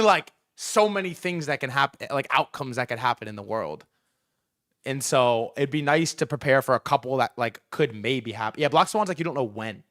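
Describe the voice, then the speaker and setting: A young man hosting a casual livestream about markets, talking in an excitable, profane and rambling way with lots of fillers. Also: mid-range voice. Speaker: livestream host.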